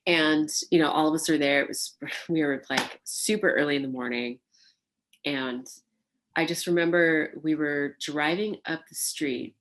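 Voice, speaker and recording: A woman, a burlesque performer, recalling her life in an oral history interview, animated and laughing, with many fillers. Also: low voice, measured pace, background noise. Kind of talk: reflective interview storytelling.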